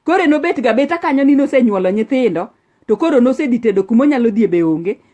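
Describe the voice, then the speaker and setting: A woman's voice: a little high, expressive, racing, warm tone. A woman preaching a sermon, earnest and scolding, switching into English often.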